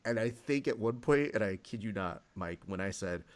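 A man's voice: fairly low pitch, expressive, moderate pace, few pauses. Jokey man telling a story. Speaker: podcast co-host. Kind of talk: casual chat.

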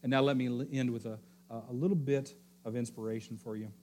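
Preaching a teaching sermon a little fast and in a steady tone, this pastor keeps returning to key phrases and regularly checks in with the congregation. At times he lowers his voice to a soft hush for emphasis.

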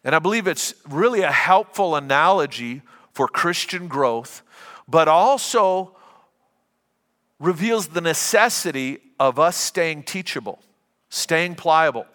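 Bright-voiced pastor preaching in a hall. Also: male voice, a little high, lively intonation, a little slow. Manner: conversational, anecdotal, with frequent restarts. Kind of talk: sermon.

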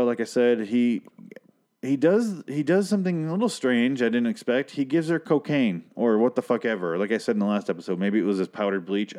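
A man's voice: fairly low pitch, darkish tone. A man casually recapping a TV episode, rambling, sarcastic and full of swearing.

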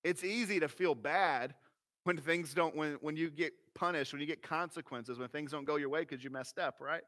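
Pastor guy preaching, high bright voice, folksy and animated. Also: normal speed. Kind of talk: sermon.

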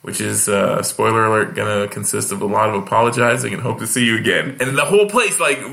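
A man's voice: lowish voice, fast talker, gravelly. A man from Hawaii, a guest comedian, chatting casually on a podcast and acting out the people in his stories. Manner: animated storyteller, acts out voices. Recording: echoey room.

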